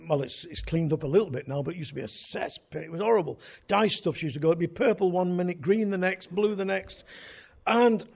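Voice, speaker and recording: An older man who hosts a folk radio show tells wry, rambling anecdotes in a conversational way, drifting off on tangents. His voice is high-pitched and a little mellow.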